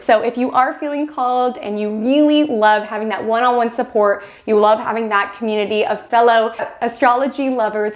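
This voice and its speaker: Bubbly chatty woman host. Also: fairly high pitch. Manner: bubbly, chatty, acts out dramatic quotes. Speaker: astrology channel host. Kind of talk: casual chat to camera.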